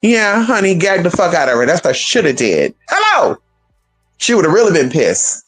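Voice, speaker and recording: Sassy, lively woman dishing gossip. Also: on the low side, soft background music. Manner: sassy, profane, animated gossip with drawn-out pauses. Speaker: vlogger. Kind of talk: casual storytelling to viewers.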